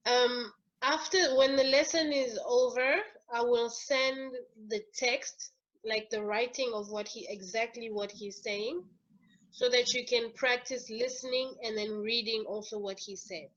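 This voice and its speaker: A woman's voice: a little high, steady tone, unhurried, dull audio. A woman teaching an English lesson, patiently explaining step by step with fillers. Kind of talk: online language lesson.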